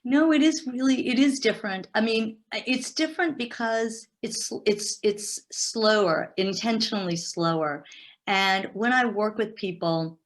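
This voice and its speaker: A middle-aged woman talking as an interview guest and business coach, animated and emphatic, often repeating words as she restarts. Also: on the high side, measured pace. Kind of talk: casual interview talk.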